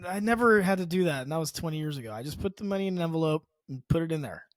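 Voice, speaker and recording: A man's voice: on the high side, expressive, very fast, no room sound. A man co-hosting a casual podcast, teasing his friend and laughing often. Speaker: podcast co-host.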